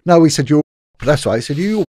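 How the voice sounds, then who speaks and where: A man's voice: fairly high pitch, brisk, no room sound, studio quality. Chatty British ex-detective man telling stories. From Britain. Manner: animated anecdote-telling with repeated restarts. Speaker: former police detective, guest. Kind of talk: casual storytelling interview.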